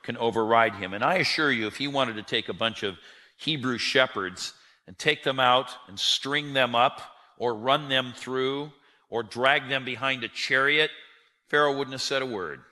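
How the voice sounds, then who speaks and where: A preacher delivers a sermon in a bright, forceful, medium-pitched voice at a moderate pace. He tells the story with animation, acting out the lines of its characters, while the long reverb of a large hall rings around him.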